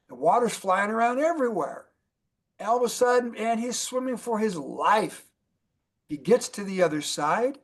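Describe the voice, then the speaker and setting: A man presenting a motivational training talk, telling stories and asking rhetorical questions. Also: sits high. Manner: storytelling, rhetorical questions, repeats lists. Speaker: mentor presenter.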